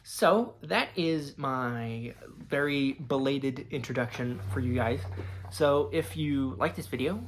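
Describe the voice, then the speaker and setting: A man's voice: medium pitch, takes it slowly, a little hiss or hum. A man hosting his own channel, chatting casually through an introduction and Q&A, rambling with frequent fillers and hesitations. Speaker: channel host.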